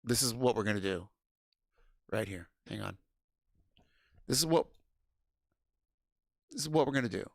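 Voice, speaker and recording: A man hosting a casual livestream, loud and excitable, swearing and laughing often. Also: medium pitch, a little slow, vocal fry, long pauses, no echo, studio quality. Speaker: livestream host.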